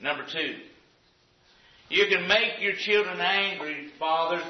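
Man, preacher, emphatic repetitive delivery, slightly high, muffled lo-fi sound, faint noise. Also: a little slow. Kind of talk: sermon. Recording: echoey, dull lo-fi room sound.

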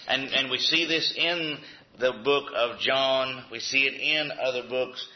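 A man's voice: medium pitch, measured pace. A man teaching a Bible lesson to a class at a chalkboard, talking conversationally, asking the room questions and checking in with "okay?". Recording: roomy, dull lo-fi recording.

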